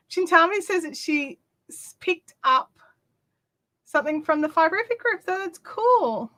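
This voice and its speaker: A woman's voice: high voice, bright, forceful tone. A woman hosting a craft livestream, chatting casually with viewers and reading their comments with lots of fillers and asides.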